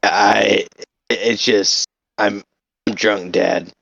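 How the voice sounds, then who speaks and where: A man playing a tabletop game, talking hesitantly with many pauses. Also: lowish voice, little pitch movement, gravelly, a bit bright, no room sound. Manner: slow, hesitant, with many uh's. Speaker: player. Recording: dull lo-fi mic.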